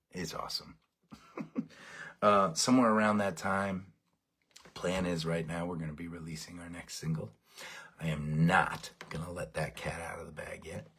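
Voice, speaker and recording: A man leading a band, giving fans a rambling, excited update while overtired. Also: deep voice, breathy edge. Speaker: bandleader addressing fans. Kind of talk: casual fan update.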